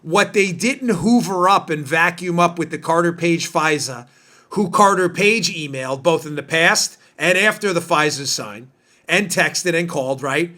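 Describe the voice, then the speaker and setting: A man's voice: fairly high pitch, moderate pace, pushed and bright. A man hosting a political podcast, talking in an emphatic, indignant way with lots of rhetorical questions. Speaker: podcast host. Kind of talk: political commentary monologue.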